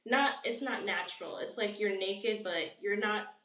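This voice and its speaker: A woman's voice: mid-range voice, unhurried, a bit bright, recorded from a distance. A young woman talking as a guest in a casual interview, rambling and filling her sentences with "like". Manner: rambling, filler-heavy, says "like" often. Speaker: guest artist. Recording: roomy, voice set back from the mic.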